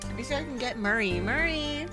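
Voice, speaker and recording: A woman's voice: fairly high pitch, lively intonation, very fast, music in the background. Giggly, chatty woman game streamer. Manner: chatty, laughs often, greets chat. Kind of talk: casual gameplay commentary.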